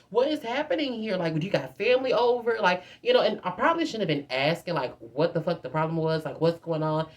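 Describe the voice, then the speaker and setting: A woman in her twenties telling a storytime in a chatty, animated way, constantly addressing her viewers as "girl.". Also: mid-range voice. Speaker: vlogger. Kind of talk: casual storytime.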